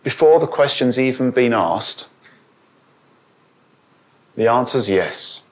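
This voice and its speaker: Slow-speaking male preacher. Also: expressive. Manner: rises in pitch and volume when quoting, asks the congregation questions. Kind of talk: sermon.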